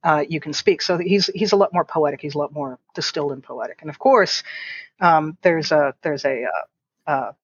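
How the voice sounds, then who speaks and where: A woman chatting as an interview guest, wry and animated, often restarting her phrases. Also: deep voice, moderate pace, slightly rough, no room sound, highs cut off. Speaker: guest, fencing instructor and writer. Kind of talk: casual interview chat.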